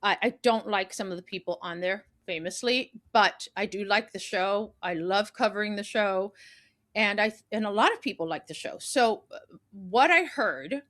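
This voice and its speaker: A woman's voice: mid-range voice, normal speed, fairly bright tone. A woman co-hosting a podcast, playful and talkative in casual chat. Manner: playful, talkative, laughs easily. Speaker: podcast co-host.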